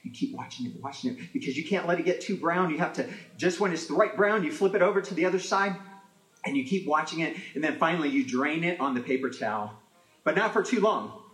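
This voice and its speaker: Animated man telling comic family stories. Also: fairly high pitch, fast talker, roomy sound, low-quality recording. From Italian-American family. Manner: animated, acts out voices. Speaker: storyteller. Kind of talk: comic storytelling.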